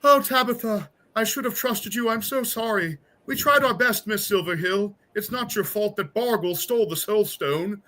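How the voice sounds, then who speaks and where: A man voicing a dying halfling who apologizes in a soft, high, sorrowful voice. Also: moderate pace, hardly any pauses. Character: grieving adult halfling pleading softly.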